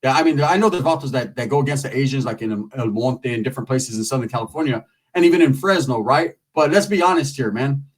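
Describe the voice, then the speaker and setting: A man's voice: medium pitch, quick pace, distant mic. A man telling a long comic story in casual, streetwise, profane talk.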